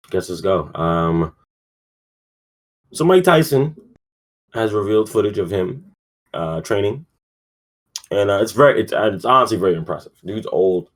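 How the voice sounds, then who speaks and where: A man hosting a podcast, rambling and profane, with many fillers, sounding sleepy. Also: low voice. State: yawning, sleepy. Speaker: podcast host. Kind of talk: casual sports talk.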